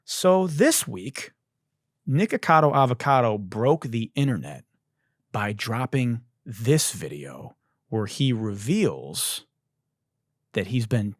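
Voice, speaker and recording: Animated, profane comedy podcast host. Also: male voice, mid-range voice, slow pace, no echo, clean studio sound. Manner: riffing wordplay, profane, animated. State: slightly hoarse.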